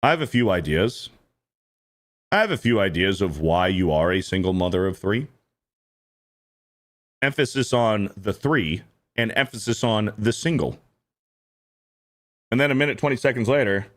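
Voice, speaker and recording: Streamer host, man in his thirties, animated and profane, voice swinging up and down a lot, repeats his points. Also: lowish voice, normal speed, long pauses. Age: 30s. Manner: animated, repetitive, profane ranting. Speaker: streamer host reacting to clips. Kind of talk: casual reaction commentary.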